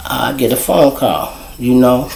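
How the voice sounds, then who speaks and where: A man telling casual, profane street stories as host, animated and swearing freely. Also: measured pace, vocal fry, reverberant, slight background noise, rough recording. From Chicago. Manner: animated, profane, jumps to high voices for quoted people. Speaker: storyteller host.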